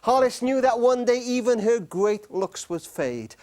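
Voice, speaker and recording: A middle-aged man giving an earnest storytelling talk on marriage to a live studio audience, slowing down and pausing for emphasis. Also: very high-pitched, animated, darkish tone. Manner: earnest, with slow emphatic pauses. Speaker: speaker on marriage.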